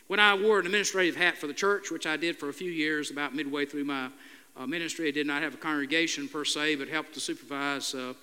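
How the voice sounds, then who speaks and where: An older man, a pastor, preaching a sermon in a halting, earnest storytelling way with many "uh" fillers. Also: a little high, steady tone, sharp tone, smooth. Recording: long hall reverb.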